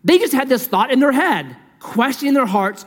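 A man preaching a sermon in a conversational, lively way, asking the listeners rhetorical questions. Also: extremely high pitch, fairly quick, in a large hall. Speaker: pastor.

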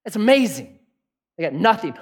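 A pastor delivering a sermon in a conversational, animated way, often asking the congregation questions. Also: male voice, sits high, normal speed, breathy edge.

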